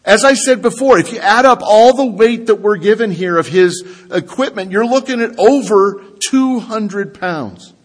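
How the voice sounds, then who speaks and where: Lively, conversational male preacher. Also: high-pitched, normal speed, hardly any pauses. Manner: conversational preaching with rhetorical questions to the congregation. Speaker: pastor. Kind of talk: sermon.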